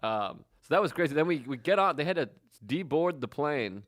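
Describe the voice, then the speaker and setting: A man telling a comic story in casual chat, acting out the loud people in it. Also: fairly high pitch, fairly quick, no echo, studio quality. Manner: animated, acts out shouting people in his stories. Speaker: comedian.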